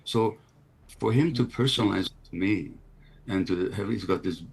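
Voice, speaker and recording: A man's voice: on the low side, moderate pace, creaky, breathy edge. A man answering as a television interview guest, pointed and insistent, asking repeated rhetorical questions.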